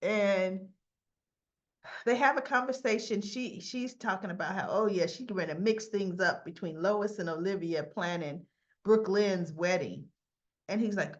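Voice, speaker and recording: A woman's voice: on the low side, moderate pace. A woman recapping a soap opera in a casual, chatty way, acting out the characters' lines and laughing often. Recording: dull lo-fi sound.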